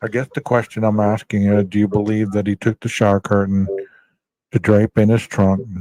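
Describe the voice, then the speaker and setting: A man hosting a casual true-crime podcast who reads viewer chat and talks in a measured way, often saying "you know". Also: on the low side, little pitch movement, warm tone, no room sound, poor audio.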